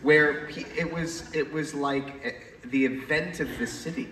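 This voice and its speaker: A mid-pitched man cracks loose jokes and swears easily while fielding questions. His voice rings out far from the mic in a big echoey hall with hiss underneath. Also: fairly even intonation, normal speed. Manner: jokey, swears casually, hosts the questions. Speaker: panel guest. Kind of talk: casual panel chat. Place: large convention hall.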